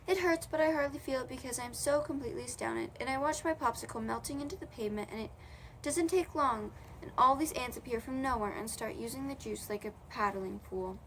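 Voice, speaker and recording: A woman's voice: high voice, brisk, fairly bright tone, a little hiss or hum. Casual woman reading a children's book. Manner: casual, with slips and self-corrections. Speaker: audiobook reader. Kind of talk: reading a children's novel aloud.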